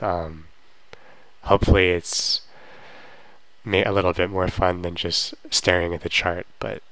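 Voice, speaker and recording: A man teaching a language lesson in a relaxed, casual way, with frequent fillers and restarts while he talks over slides. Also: low voice, no echo, low-quality recording. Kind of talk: casual screen-recorded lesson.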